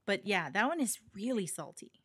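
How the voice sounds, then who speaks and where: A woman's voice: medium pitch, sing-song, normal speed, fairly bright tone, breathy edge, dry recording. A woman from Hawaii co-hosting a podcast in a casual, giggly chat full of fillers. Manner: chatty, giggly, with many fillers. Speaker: podcast co-host.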